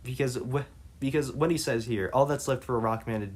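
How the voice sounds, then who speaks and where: A man reading interview passages aloud and commenting on them, halting with frequent restarts and fillers. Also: medium pitch. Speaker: reader and commentator.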